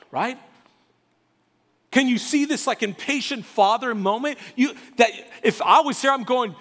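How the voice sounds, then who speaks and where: A male pastor preaching a sermon, animated and emphatic, with dramatic pauses. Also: high-pitched. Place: church sanctuary. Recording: reverberant church hall.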